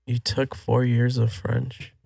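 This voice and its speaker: A man chatting as a podcast guest, quick with jokes. His mid-range voice stays quite flat in pitch, and the recording is close and dry. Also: creaky, dry recording. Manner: joking, even-toned. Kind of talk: casual chat.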